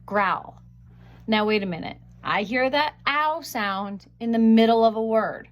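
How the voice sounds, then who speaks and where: A woman with a fairly high voice teaches a phonics lesson. She sounds out each word slowly and carefully, stretching the vowel sounds. She is picked up by a webcam mic. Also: dull audio. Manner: slow, careful sounding out of words.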